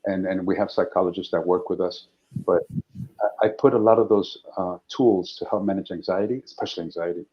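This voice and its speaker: A man's voice: low-pitched, a little fast. Man talking animatedly over lo-fi audio. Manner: animated, repeats words while talking. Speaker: actor guest. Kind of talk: casual interview.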